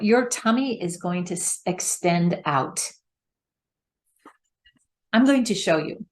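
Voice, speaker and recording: A middle-aged woman voice coach giving a patient, step-by-step instructional talk. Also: mid-range voice. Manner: patient, explains step by step with demonstrations.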